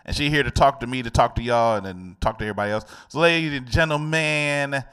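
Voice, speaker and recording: A man's voice: medium pitch, quick pace, smooth. A man hosting a radio show in casual, slangy, joking talk with a sing-song delivery. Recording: loud hip hop music behind. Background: loud hip hop music.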